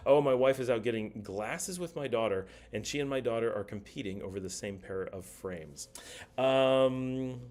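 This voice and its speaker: A man's voice: mid-range voice, a little mellow. A middle-aged man hosting a casual livestream, chatting and reading viewer comments aloud. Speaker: livestream host.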